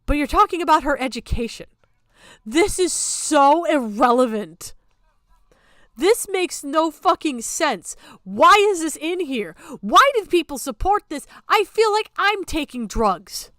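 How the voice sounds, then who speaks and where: Woman streamer, high pitch, dry close sound; sarcastic, profane, exasperated ranting commentary. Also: sing-song, a little slow, fairly bright tone, no echo.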